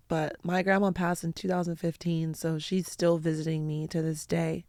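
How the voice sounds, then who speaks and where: A woman hosting her own show, telling personal stories in an earnest, heartfelt way with slow, deliberate phrasing. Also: on the low side, flat delivery, dark tone, dry recording, studio quality. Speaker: podcast host. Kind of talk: personal storytelling talk.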